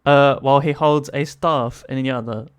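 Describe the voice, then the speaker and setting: A man's voice: mid-range voice, fairly even intonation, normal speed, smooth. A man narrating a tabletop game as game master, casual, laughing often and swearing.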